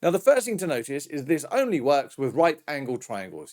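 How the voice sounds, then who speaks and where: A man's voice: fairly high pitch, sing-song, normal speed, few pauses, a little mellow. A British man teaching a recorded maths lesson in a chatty, jokey way with self-mocking asides. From Britain.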